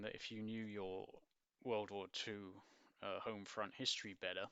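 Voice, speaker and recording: A man's voice: fairly low pitch, little pitch movement, a little slow, sharp tone, smooth, no room sound. A man reviewing a children's play script in a casual, rambling way, musing aloud and correcting himself as he goes. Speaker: book reviewer. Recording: dull lo-fi dry recording.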